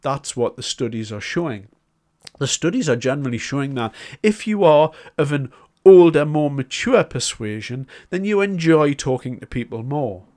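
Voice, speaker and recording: A man's voice: fairly high pitch, big pitch swings, normal speed, darkish tone. A man giving a solo political commentary, talking in a conversational, emphatic way as he builds his argument point by point.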